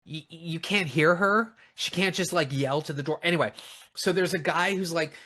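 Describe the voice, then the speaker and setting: A man co-hosting a casual film review, animated and swearing often, acting out lines from the movie in mocking voices. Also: on the high side, normal speed. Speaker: podcast co-host reviewing films.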